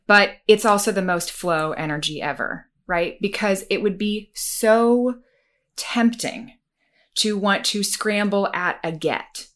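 A woman's voice: mid-range voice, fairly bright tone. A woman hosting a conversation, speaking with enthusiasm and strong emphasis, often restarting her sentences. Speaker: host. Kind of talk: casual podcast chat.

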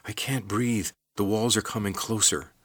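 A woman's voice: rumbling low, fairly even intonation, normal speed, slightly rough, no room sound, clean studio sound, pitched above the performer's own voice. A man voicing a frightened young woman who panics in tight spaces, with breathless, pleading lines. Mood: panicked.

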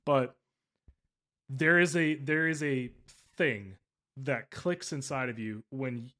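A male podcast host talking in a loose, conversational way. He rambles and stresses his points, often stopping to rephrase mid-sentence. His voice sits in an ordinary middle pitch. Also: slow, pushed and bright. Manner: rambling and emphatic, with frequent self-corrections. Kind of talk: casual interview chat.

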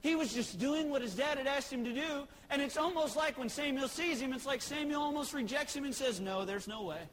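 A man's voice: extremely high pitch, a little fast, hardly any pauses, fairly bright tone, big-room sound, a little hiss or hum, rough recording. A man preaching a sermon, telling a story conversationally. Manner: storytelling, conversational with acted quotes.

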